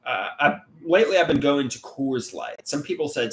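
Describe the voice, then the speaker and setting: A man's voice: a little high, big pitch swings, moderate pace, few pauses. A man hosting a casual livestream, reading chat comments aloud and rambling with many repeated, restarted words. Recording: echoey room.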